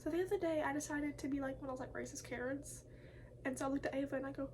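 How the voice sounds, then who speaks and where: A woman's voice: sits high, steady tone, racing, darkish tone, a little hiss or hum, low-quality recording. A young woman reading horror posts aloud and chatting with a friend, giggly and loose. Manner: giggly, chatty, reads unevenly. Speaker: video co-host.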